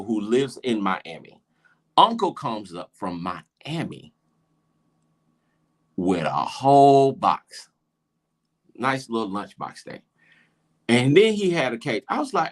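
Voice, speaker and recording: A man of middle pitch telling a story with lots of expression. His voice rises and falls widely from line to line. He moves between calm narration and bursts of exasperation. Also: a little slow, pauses often. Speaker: podcast co-host. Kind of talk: comedic storytelling.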